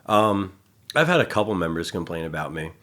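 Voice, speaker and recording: A man's voice: deep voice, big pitch swings, a little fast, bright, forceful tone. A man working as a gym trainer, talking in a casual podcast chat. He is blunt, swears freely and acts out the people in his stories. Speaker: personal trainer and gym staff.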